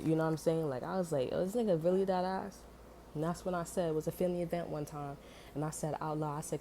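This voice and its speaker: A woman's voice: low-pitched, quick pace, warm tone, slight background noise. A woman telling a story in a casual, heated monologue, swearing often and filling her talk with "you know" and "like". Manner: heated, profane, many fillers.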